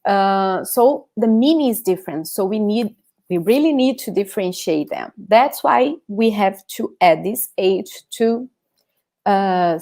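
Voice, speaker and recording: A woman from Brazil with a Brazilian Portuguese accent, teaching a live online lesson, greeting viewers by name and explaining slowly. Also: medium pitch, a little mellow. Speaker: language teacher.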